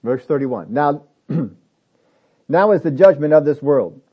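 A man's voice: lively intonation, slow pace, slightly rough. Emphatic preacher man, dull lo-fi sound. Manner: emphatic, swings between loud stresses and low asides; asks many rhetorical questions. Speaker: pastor. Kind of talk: sermon.

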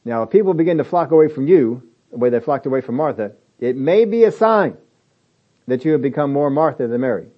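A man preaching a sermon, animated and acting out the reactions he quotes. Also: mid-range voice, fairly quick, lo-fi sound. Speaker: pastor.

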